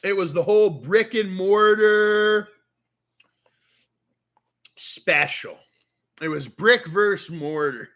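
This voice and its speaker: A man's voice: sits high, takes it slowly, long pauses, fairly bright tone. A man with a Canadian accent telling a long, rambling story in a casual rant, swearing often and talking with a lot of animation. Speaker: streamer.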